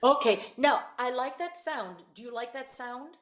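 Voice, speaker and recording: A woman voice teacher coaching a student over a video call, giving quick praise and clear instructions. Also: a little high, a bit bright, echoey room. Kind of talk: virtual one-on-one singing lesson.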